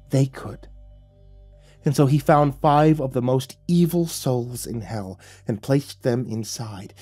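A man voicing a gentle, sorrowful angel. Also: mid-range voice, slightly rough. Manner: soft, solemn, slow and pleading. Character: gentle male angel messenger, sorrowful and patient.

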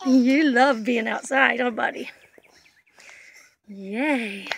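A woman's voice: a little high, very slow, gravelly, a little hiss or hum. An older woman, a grandmother, talking baby talk to her toddler grandson in a sing-song, coaxing, playful way, outdoors in a back yard.

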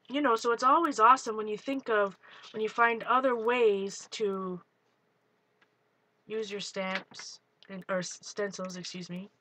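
A woman's voice: medium pitch, a little hiss or hum. Chatty woman demoing crafts live. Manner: excitable, talks while working, greets viewers. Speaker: art livestream host.

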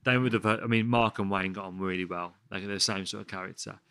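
A man in his thirties from the West Midlands of England, a chef chatting as a podcast guest, excitable, swearing freely and calling everyone mate. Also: fairly low pitch, quick pace, smooth, dry recording. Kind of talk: casual interview chat.

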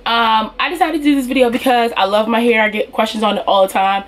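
A young woman getting over a cold, telling her hair story in a casual, animated vlog and speaking to viewers as y'all. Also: on the high side, quick pace. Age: young adult. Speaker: beauty vlogger.

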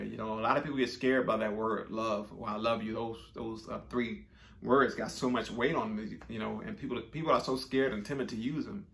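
A man tells a personal story in a relaxed, conversational way. His voice has a gravelly, creaky edge. He uses slang and often circles back to repeat himself. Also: on the low side. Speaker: storyteller vlogger. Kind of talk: casual storytelling.

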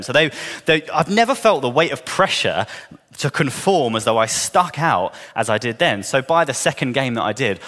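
Southern English preacher in a reverberant hall. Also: male voice, mid-range voice. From southern England. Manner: earnest, builds to emphatic questions then drops soft. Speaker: pastor. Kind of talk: sermon. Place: church hall.

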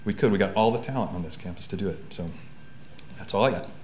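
A man's voice: low-pitched, fast talker, very noisy. Conversational man in an echoey room. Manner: conversational, frequent self-corrections. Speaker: panel speaker. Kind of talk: seminar talk. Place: university seminar room.

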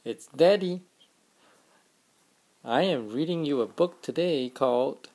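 Man reading a children's book, slow, very lively pitch, mellow, husky. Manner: slow, gentle, expressive. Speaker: father reading to his children. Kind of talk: reading a picture book aloud.

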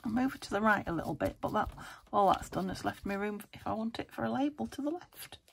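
A woman's voice: mid-range voice, lively intonation, fast talker, vocal fry, breathy edge. A British woman hosting a crafting video, chatting casually and muttering to herself as she works at her table, sometimes dropping to a whisper. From United Kingdom. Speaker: craft channel host.

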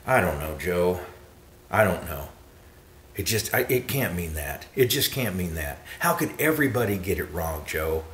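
A man's voice: sits low, animated, normal speed, fairly bright tone, a little hiss or hum, voice pushed down. A man voicing a doubtful, bewildered listener who hesitates and mumbles his objections, in a roomy space.

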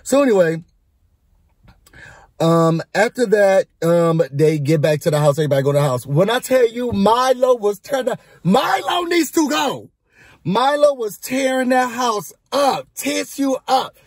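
A man's voice: sits high, expressive, normal speed, darkish tone, no echo, clean studio sound. A man hosting a casual, gossipy recap of a reality show, sassy and chatty as he talks straight to his viewers.

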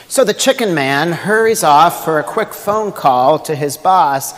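A man's voice: a little high, expressive, measured pace, hardly any pauses. A male pastor preaching a sermon in a conversational, humorous way, asking the congregation rhetorical questions. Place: church sanctuary. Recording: long church hall reverb.

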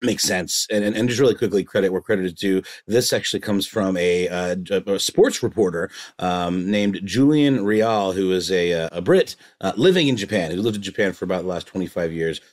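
A man's voice: sits low, fairly quick, few pauses, a little mellow. A man co-hosting a podcast, talking casually and rambling, with many fillers and restarts, often amused. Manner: amused, chuckling. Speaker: podcast co-host.

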